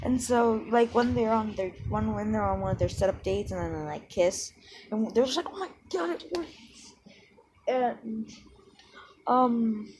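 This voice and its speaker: A woman's voice: fairly high pitch, unhurried. A woman casually retelling a fan story, rambling and self-deprecating, with lots of ums and likes. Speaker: channel host. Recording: background hiss.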